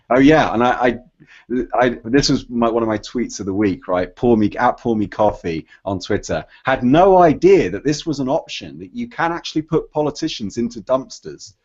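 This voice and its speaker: Low-voiced man chatting rambly. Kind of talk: casual chat. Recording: dull lo-fi podcast audio.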